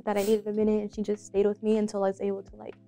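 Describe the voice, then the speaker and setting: A woman's voice: mid-range voice, monotone, racing, dark tone, faint music behind. Giggly young woman hosting a chat. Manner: giggly, chatty, lots of "like" fillers. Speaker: student show host. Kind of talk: casual interview chat. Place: school.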